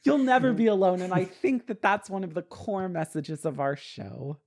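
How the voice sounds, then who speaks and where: A man's voice: high-pitched, normal speed, a little mellow. A man co-hosting a podcast, answering in a laid-back way with short, dry quips. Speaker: podcast co-host. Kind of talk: casual podcast chat.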